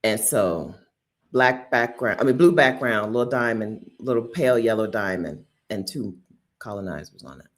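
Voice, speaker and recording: Woman, livestream host, deep voice, swings up and down, playful, chatty asides, laughs a lot. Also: normal speed. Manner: animated and playful, laughing often; chatty with many asides and restarts. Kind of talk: casual livestream chat reading viewer comments.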